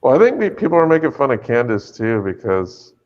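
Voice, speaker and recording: A man's voice: mid-range voice, big pitch swings, muffled recording. A man co-hosting a podcast in casual chat, joking and bantering. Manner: joking, banter-heavy, quick laughs. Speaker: podcast co-host.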